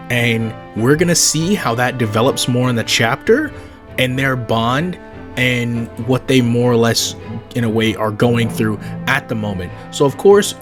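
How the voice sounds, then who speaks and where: A man giving a casual, slangy manga chapter recap, full of fillers, who acts out the characters' lines as he goes. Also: fairly low pitch. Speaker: manga commentator.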